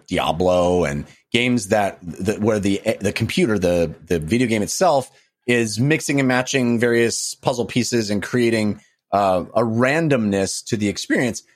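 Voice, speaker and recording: A man co-hosting a gaming podcast, talking casually and restarting and rephrasing as he works through his thoughts. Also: fairly low pitch. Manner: animated, restarts and stacks qualifiers. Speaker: podcast co-host. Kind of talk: casual chat.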